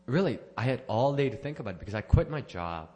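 A man's voice: medium pitch, big pitch swings, quick pace, warm tone. A man sharing a personal testimony at church, rambling and correcting himself, with small laughs. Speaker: church member giving a testimony.

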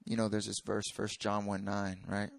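Gravelly-voiced male preacher. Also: fairly low pitch, completely flat delivery, normal speed, dry recording. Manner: conversational, acts out dialogue. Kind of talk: sermon.

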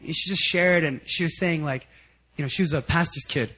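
A young male pastor with a high, light voice preaches to his congregation. He tells the story in an animated, conversational way and laughs easily between points. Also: normal speed. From United States. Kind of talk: sermon.

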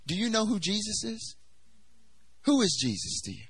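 A man's voice: high-pitched, big pitch swings, moderate pace, fairly bright tone, slightly rough, no echo, rough recording. A young man preaching a sermon at a church service, talking in a loose, conversational way full of "like" and "you know", and acting out the voices he quotes.

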